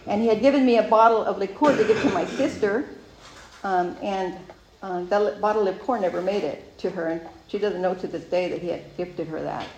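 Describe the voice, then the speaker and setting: A woman sharing her own recovery story as a personal testimony, animated and expressive, acting out what went through her mind back then. Her voice sits in the middle of the usual range. The sound is roomy, with faint ambience behind her. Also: mid-range voice, brisk, a little hiss or hum. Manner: animated storyteller who acts out her own past thoughts.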